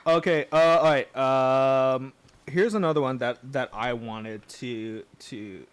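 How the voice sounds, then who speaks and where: A man's voice: medium pitch, slow, clean tone. A man hosting a podcast in casual chat, rambling, correcting himself and laughing easily. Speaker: podcast host.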